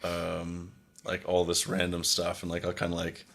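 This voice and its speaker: A young man with a very low, deep voice chats loosely on a podcast, piling on filler words and replaying his own conversations. His talk is relaxed, open and meandering. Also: moderate pace, gravelly. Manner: rambling, frequent "like" fillers, acts out quoted exchanges. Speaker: podcast host. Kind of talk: casual conversation.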